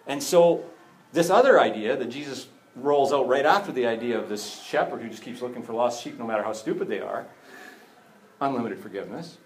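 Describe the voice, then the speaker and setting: A man's voice: mid-range voice, brisk, slight background noise. A man preaching to a congregation in an easygoing, conversational way. His voice sits in a middle register, and he bounces between jokes and serious points. He acts out little exchanges as he goes. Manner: animated, jokey asides, acts out dialogue. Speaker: pastor. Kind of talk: conversational sermon.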